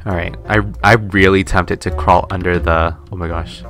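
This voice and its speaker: A young man giving casual, excitable commentary while playing a game, often gasping and squealing when startled. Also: low-pitched, moderate pace. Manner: chatty, excitable, gasps and squeals when scared. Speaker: gaming YouTuber. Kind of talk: casual let's-play commentary. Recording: faint game music behind.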